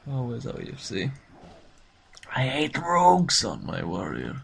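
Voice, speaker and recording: A young man commentating his own player-versus-player match, excitable, shouting at kills and muttering tactics. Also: medium pitch, a little slow, gravelly, long pauses, a little hiss or hum. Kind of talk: excited live gameplay commentary.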